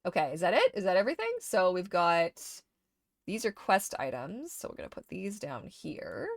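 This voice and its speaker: A woman's voice: lowish voice, moderate pace, gravelly, no room sound. Chatty woman streamer, dry close sound. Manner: chatty, talks to herself while sorting items; emotional and animated when excited. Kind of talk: casual gameplay chat.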